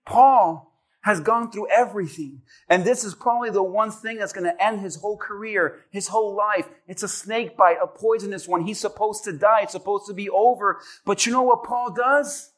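High, bright-voiced preaching man. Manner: dramatic, shouting at peaks, acting out quotes. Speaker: pastor. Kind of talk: sermon.

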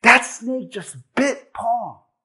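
Male preacher, very high and bright, dramatic delivery with shouted peaks. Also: very slow, husky. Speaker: pastor. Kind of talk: sermon.

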